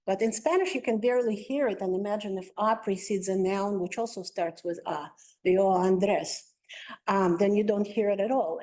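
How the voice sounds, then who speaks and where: A woman's voice: mid-range voice, warm tone. A woman giving an academic linguistics lecture as a guest speaker, explaining step by step with frequent "uh" and "um" fillers.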